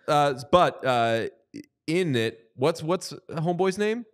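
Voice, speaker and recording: A man's voice: a little high, slow, clean tone. A man co-hosting a podcast, chatting casually and jokingly, including a playful ad read. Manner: playful, jokey, animated ad reading. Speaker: podcast co-host.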